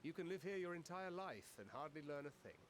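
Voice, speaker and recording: An actor playing a reserved, gentle scholar in a game cutscene, speaking in a measured, grave and halting way. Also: male voice, a little high, lively intonation, slight background noise, lightly acted. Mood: moved, solemn.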